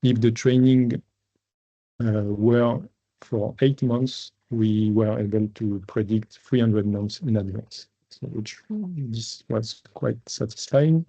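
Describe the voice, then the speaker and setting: A man's voice: mid-range voice, slow pace, creaky, dark tone, husky, no echo. A man giving a technical webinar talk over a video call, hesitant, with many fillers and restarts. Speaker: researcher presenting at a webinar. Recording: dull lo-fi webinar audio, dry.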